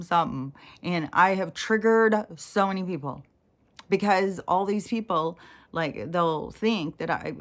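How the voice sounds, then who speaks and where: Chatty woman with a lowish voice. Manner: chatty, laughing often, swearing, quoting people in put-on voices. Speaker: vlogger. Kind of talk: casual storytelling rant.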